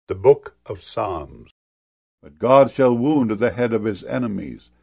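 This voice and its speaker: A man reading scripture aloud in a steady, solemn manner. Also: medium pitch, creaky, no echo, clean studio sound. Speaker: Bible reader.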